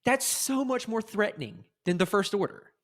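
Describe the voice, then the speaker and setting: With a high-sitting voice and a moderate pace, this podcast co-host, a North Carolinian in his late twenties, gets excitable mid-conversation. As he rants, his voice jumps whenever he's heated.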